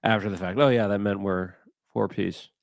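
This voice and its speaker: A man's voice: on the low side, fairly even intonation, moderate pace, gravelly, no echo, clean studio sound. A man co-hosting a podcast in casual chat, telling rambling, self-deprecating stories. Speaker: podcast co-host.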